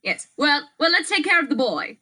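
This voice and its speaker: A woman role-playing her character at a tabletop game, her voice bright and a touch high. She plays it theatrical and teasing, with a few stumbles along the way. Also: sing-song, normal speed, low-quality recording. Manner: playful, theatrical. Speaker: guest player.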